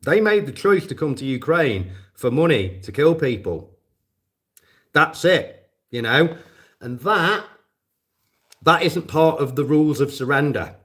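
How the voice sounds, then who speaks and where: A man's voice: medium pitch, a bit bright. A man casually chatting to his live audience, rambling and swearing, with lots of fillers. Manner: profane, rambling, many fillers. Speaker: volunteer drone operator answering live chat. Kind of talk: casual livestream chat.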